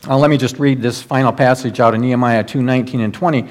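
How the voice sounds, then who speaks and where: A middle-aged man delivers a sermon as the pastor, his voice sitting at an ordinary mid pitch. He talks in an earnest, exhorting way, pressing his points with repetition. When he quotes a prayer or a line of scripture, he slows down and lets his voice sink lower. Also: steady tone. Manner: earnest preaching, drops low and slow for quoted prayers and scripture.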